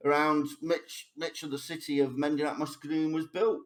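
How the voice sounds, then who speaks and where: A man's voice: fairly high pitch, flat delivery. A man running a tabletop game as game master, reading a long lore passage aloud with frequent restarts and fillers. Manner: halting, reads lore aloud with many restarts.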